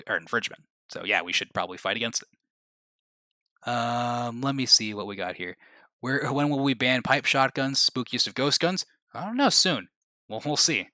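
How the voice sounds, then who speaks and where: Bright-voiced man chatting on a livestream. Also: medium pitch, no room sound. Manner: rambling, restarts, laughs at own remarks. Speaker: livestream host. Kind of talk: casual livestream chat.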